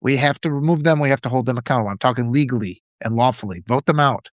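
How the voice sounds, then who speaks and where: A man's voice: mid-range voice, fast talker, dry recording, studio quality. A man hosting a livestream, giving impassioned political commentary and reading out viewers' chat, often repeating phrases for emphasis. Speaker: livestream host.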